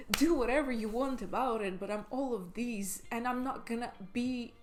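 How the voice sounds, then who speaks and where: A woman's voice: on the high side, moderate pace, faint music behind. A woman in her twenties, a vlogger giving a podcast-style pep talk in a passionate, emphatic way, swearing for emphasis.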